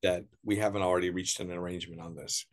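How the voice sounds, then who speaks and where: A middle-aged American man telling stories as an interview guest, animated, putting on voices for the people he quotes. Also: deep voice, fast. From United States. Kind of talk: casual storytelling interview.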